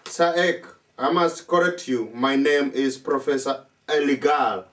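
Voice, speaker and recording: A man's voice: medium pitch, measured pace, a bit bright, lightly acted. A man playing a pedantic professor who speaks formally and corrects others. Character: fussy, pedantic male English professor. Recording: voice from far off.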